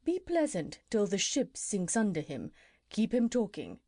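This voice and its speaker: A woman voicing a wise owl, speaking in a hushed, urgent way. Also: medium pitch, big pitch swings, measured pace, no room sound, studio quality.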